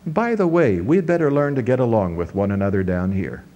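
A man's voice: mid-range voice, lively intonation, fairly quick, dark tone, muffled recording. A man pastor preaching a sermon, teaching verse by verse with sweeping rises and drops in his voice. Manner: teaching, walking through scripture verse by verse.

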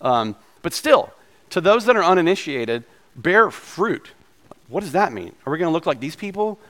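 A male pastor giving a conversational sermon, his voice slightly hoarse from a recent illness, with casual asides in his preaching. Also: on the high side, sing-song, moderate pace, fairly bright tone.

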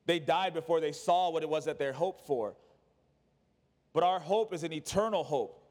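A pastor with a high voice preaches at a moderate pace, swinging from urgent, raised lines to hushed, low ones. A long reverb makes his voice ring out as though in a church hall.

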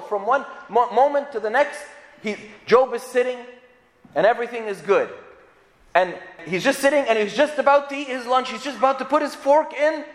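A man's voice: extremely high pitch, normal speed. A man preaching a sermon as pastor, telling stories with animation and acting out the scripture passages he quotes. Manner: animated storytelling, acts out scripture quotes, laughs at his own jokes. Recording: echoey church hall.

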